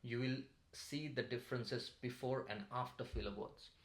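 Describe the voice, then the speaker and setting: A man coaching English speaking skills in a calm, measured tutorial to camera. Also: mid-range voice. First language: Marathi. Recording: roomy echo.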